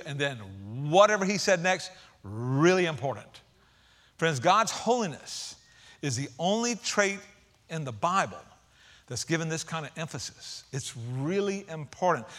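A man pastor preaching a sermon, energetic and casual, with slang asides to the congregation. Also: fairly high pitch, moderate pace.

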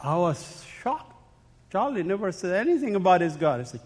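A man with a high voice gives a personal testimony as a sermon, telling his story in short, emphatic, dramatic phrases. His voice rings with the long reverb of a large hall. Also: big pitch swings, moderate pace, breathy edge. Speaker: speaker giving a personal testimony.

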